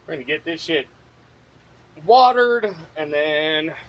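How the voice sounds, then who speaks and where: High-voiced man muttering while he works. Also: animated, slow pace. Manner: thinks aloud, mutters and curses at himself. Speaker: host of a plant-growing channel. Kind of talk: casual talk-along while working. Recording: dull lo-fi with faint background noise.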